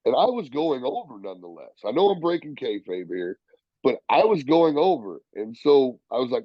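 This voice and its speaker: A man, a professional wrestler, telling stories in a casual interview, profane and animated, acting out the people he quotes. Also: medium pitch, normal speed, no echo, highs cut off.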